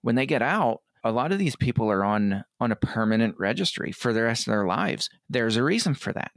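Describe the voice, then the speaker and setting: A middle-aged man talking earnestly as an interview guest, often quoting others in quick asides. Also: mid-range voice, big pitch swings, creaky, no room sound, clean studio sound. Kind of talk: conversational interview.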